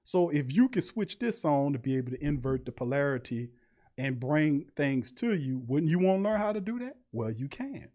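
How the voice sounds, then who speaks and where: A man's voice: very animated, normal speed, warm tone. Preachy, emphatic male podcast host. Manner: preachy, emphatic, slangy, sudden high-pitched emphasis. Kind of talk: casual livestream monologue.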